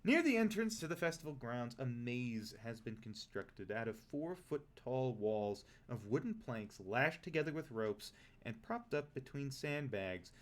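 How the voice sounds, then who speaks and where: A man's voice: mid-range voice, measured pace, few pauses. Laid-back young man game master. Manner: relaxed, laughs often. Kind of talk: narrating a tabletop game.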